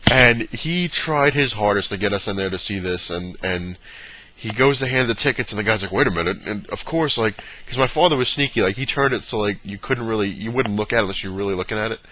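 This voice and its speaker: Rambling man with a bright lo-fi sound. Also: on the low side, fast. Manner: rambling, fillers, mimics dad in quotes. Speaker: vlogger. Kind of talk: casual rambling storytelling. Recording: dull lo-fi sound with faint noise.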